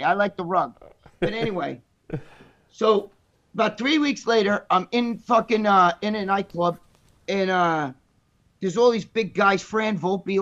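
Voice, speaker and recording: A man's voice: sits high, a bit bright, lo-fi sound. A man telling crude stories on a podcast panel, hyper and rambling, swearing constantly. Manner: hyper, profane, rambling storyteller. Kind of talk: crude storytelling chat.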